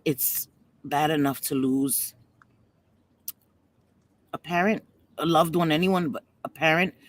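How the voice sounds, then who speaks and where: A woman hosting a casual livestream, chatty and affectionate with viewers, at times fighting back tears. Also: sits low. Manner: chatty, calls viewers sweetie pie. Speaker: livestream host.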